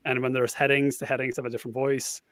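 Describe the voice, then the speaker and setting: A man's voice: mid-range voice, flat delivery, fast talker, fairly bright tone, no room sound. Man, panel guest, explanatory, thinks aloud, dry sound. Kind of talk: casual panel chat.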